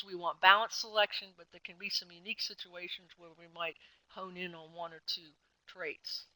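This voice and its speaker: Bright-voiced woman giving a webinar lecture. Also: mid-range voice, no room sound, low-quality recording. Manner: conversational teaching with frequent fillers and self-corrections. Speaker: extension specialist presenting a webinar.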